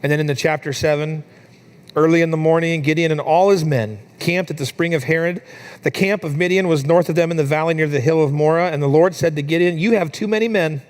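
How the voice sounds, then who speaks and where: A young adult man preaching a sermon in a church, telling a family story with lively, animated delivery. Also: on the high side, quick pace, clean tone. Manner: storytelling, animated when quoting his daughter. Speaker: pastor.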